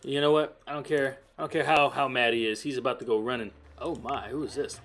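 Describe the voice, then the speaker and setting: A man's voice: mid-range voice, steady tone, a little fast, fairly bright tone. A man giving rambling, profane commentary over a life-simulation game, often mocking its characters. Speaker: gamer. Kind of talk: profane Let's Play commentary.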